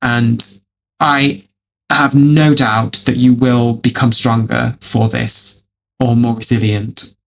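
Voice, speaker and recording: A man with a gravelly, creaky voice reacts to online stories as a video host. He is dramatic and swears freely, and he calls the listener darling over and over. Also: medium pitch, little pitch movement, slow pace, slight background noise.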